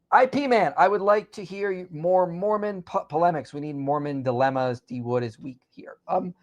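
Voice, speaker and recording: A man hosts a relaxed live stream and reads viewer comments aloud as they come in. He answers each one quickly, in a voice set a little high for a man. The talk is loose and chatty. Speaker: host. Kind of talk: casual livestream chat.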